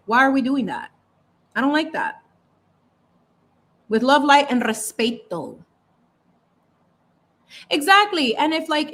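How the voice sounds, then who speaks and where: A woman, hosting a casual chat while painting, animated and opinionated, saying "like" a lot. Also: high-pitched. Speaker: channel host.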